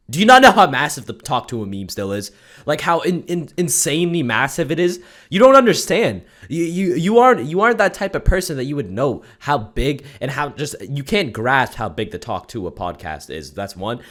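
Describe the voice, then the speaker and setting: Young man ranting in lively, sarcastic bursts. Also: fairly high pitch. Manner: profane, mock-zealous, swings from mutter to shouting. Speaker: YouTube commentator. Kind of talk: sarcastic comedic rant.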